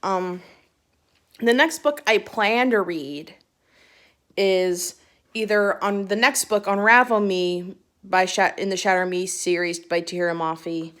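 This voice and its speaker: A woman's voice: mid-range voice, unhurried, fairly bright tone. A young woman chatting casually to her phone camera about books she read, giggly and rambling with restarts. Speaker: book vlogger. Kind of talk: casual book chat to camera.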